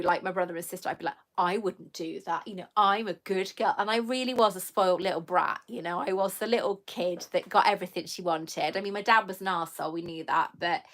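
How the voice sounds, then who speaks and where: A middle-aged woman talks casually into a computer mic during a live stream. She rambles, warm and self-mocking, and breaks off to greet viewers by name. Her pitch sits in the middle of the usual range for a woman. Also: brisk. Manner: chatty and self-mocking, reading comments aloud, laughing often. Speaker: YouTuber answering live chat.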